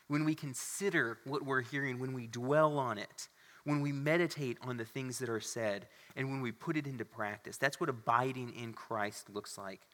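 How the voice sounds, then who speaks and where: A male pastor preaching a sermon in a church sanctuary, speaking in an earnest, conversational way and turning to the congregation with questions. His voice is bright and forceful, of middle pitch. The sound rings with long reverb from the hall.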